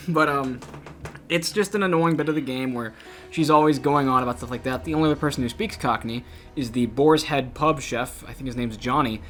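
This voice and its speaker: A man's voice: medium pitch, fairly quick, faint music behind. A man co-hosting a video game review show, chatty and opinionated, laughing now and then. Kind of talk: casual review chat.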